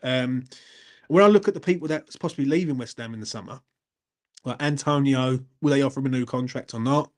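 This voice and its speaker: A man's voice: mid-range voice, a little fast. A man hosts a fan channel live stream, chatting casually and answering viewers. He rambles in a matey way and swears freely. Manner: rambling and matey, swears, keeps asking "you know what I mean".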